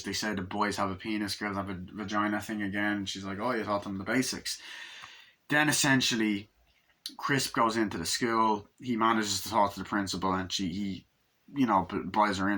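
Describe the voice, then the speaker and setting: A man's voice: on the low side, bright, forceful tone. A man casually recapping a movie in a rambling way, swearing freely and jumping into quoted lines from the scenes. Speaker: movie reviewer.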